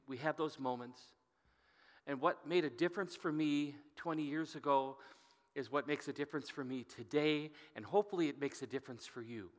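Earnest pastor in an echoing hall. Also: male voice, medium pitch. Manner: earnest and halting, often dropping to a hushed voice. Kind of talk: sermon storytelling. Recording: long reverb from a hall.

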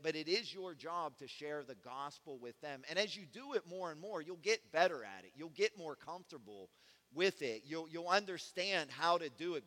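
A man preaching a sermon in a casual, conversational way that swings from soft asides to loud, fervent passages. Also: on the high side, big-room sound. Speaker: pastor.

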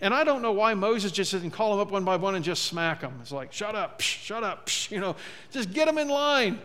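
A man's voice: sits high, expressive, a little fast, sharp tone. A man preaching a sermon in a church, conversational and humorous, acting out quoted voices. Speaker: pastor. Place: church sanctuary. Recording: long church hall reverb.

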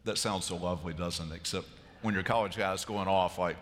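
Lively preacher in a reverberant sanctuary. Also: male voice, low-pitched, a little fast. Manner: animated storytelling with sudden loud bursts. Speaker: pastor. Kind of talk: sermon. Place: large church sanctuary. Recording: long church reverb.

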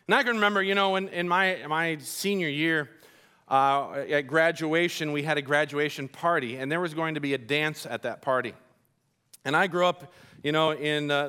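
Male preacher, animated sermon, folksy asides, bright tone, pitch a bit high.

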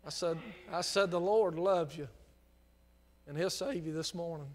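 High-voiced preacher man, swelling to loud fervor. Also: steady tone, measured pace. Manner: impassioned preaching that swells from quiet storytelling into near-shouting. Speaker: pastor. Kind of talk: sermon.

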